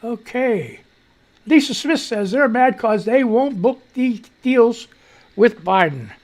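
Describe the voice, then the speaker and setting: A man's voice: very high voice, animated, takes it slowly. A man hosting a casual live news commentary show, ranting loosely and profanely as he reads and reacts to stories. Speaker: talk show host.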